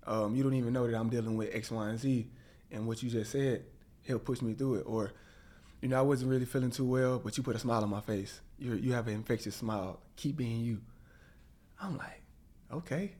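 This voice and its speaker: Male guest, animated storyteller who acts out the people he quotes, mid-pitched voice. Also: fairly quick. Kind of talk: storytelling interview.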